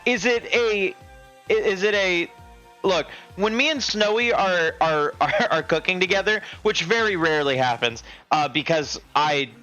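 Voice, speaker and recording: A man's voice: sits high, expressive, normal speed, sharp tone, highs cut off, soft background music. A man chatting casually while cooking on a live stream from his home kitchen, rambling, laughing often and restarting his sentences.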